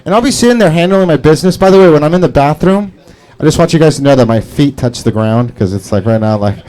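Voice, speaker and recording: A man doing a rambling, profane stand-up set on an open-mic stage, jumping into a squeaky high voice for scared bits. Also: animated, quick pace, a little mellow. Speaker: stand-up comedian. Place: comedy club stage before a live audience.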